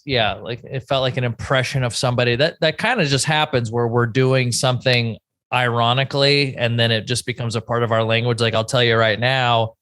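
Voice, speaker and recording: A podcast co-host in his thirties rambles through stories in casual chat, cutting himself off mid-thought. His medium-pitched voice is a bit bright, recorded with clean studio sound and no room sound.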